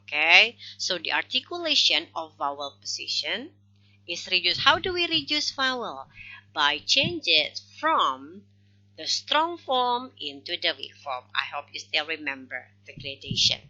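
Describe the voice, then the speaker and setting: A woman teaching a phonology lesson in a recorded lecture. She explains slowly and step by step, with non-native English grammar, and checks in often with "okay". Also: fairly low pitch, sing-song, bright, forceful tone. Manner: slow explanatory, frequent "okay" check-ins. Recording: dull lo-fi recording.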